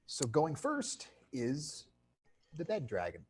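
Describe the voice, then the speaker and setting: A man's voice: on the high side, huge pitch swings, slow pace. A man running a tabletop game as game master, in a playful way that laughs easily.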